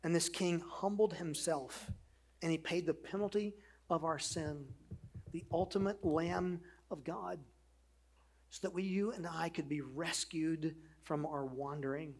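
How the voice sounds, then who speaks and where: A middle-aged male pastor preaches in earnest, mixing rhetorical questions with relaxed storytelling asides. His voice sits fairly high for a man and has a husky edge. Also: a little slow. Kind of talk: sermon.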